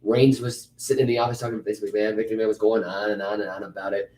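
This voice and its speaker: A man co-hosting a casual wrestling recap, blunt and ranting, quick to call things terrible. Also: on the low side, flat delivery, a little mellow. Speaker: podcast co-host.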